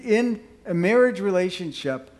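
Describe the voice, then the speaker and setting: A man's voice: sits high, expressive, unhurried, darkish tone. An older man giving casual marriage advice, emphatic and joking, acting out examples as he talks. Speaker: marriage teacher.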